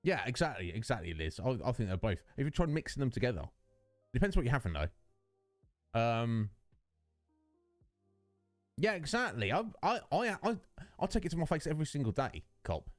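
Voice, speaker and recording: A man's voice: mid-range voice, big pitch swings, normal speed, long pauses, dry recording, faint music behind. A man chatting with viewers while streaming a game, rambling and joking, answering chat by name. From United Kingdom. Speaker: Twitch streamer. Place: home streaming setup. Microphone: studio dynamic microphone.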